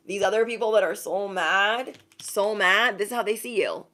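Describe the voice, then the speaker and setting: A young woman chatting casually on a livestream as an intuitive reader, animated and laughing often, thanking viewers by name. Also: mid-range voice, normal speed, hardly any pauses.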